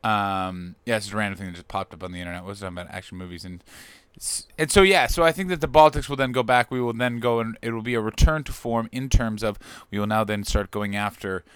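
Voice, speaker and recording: Brief: male podcast host, rambling comic monologue, smooth voice, close dry mic. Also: on the low side, fast, few pauses, no room sound. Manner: rambling, jokey, loud bursts of excitement. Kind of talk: solo comedic podcast monologue.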